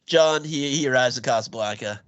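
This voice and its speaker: A man's voice: mid-range voice, a bit bright, dry recording, lo-fi sound. A man co-hosting a movie podcast, retelling a film's plot in casual chat and laughing often. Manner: laughs often, quick asides. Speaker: podcast co-host.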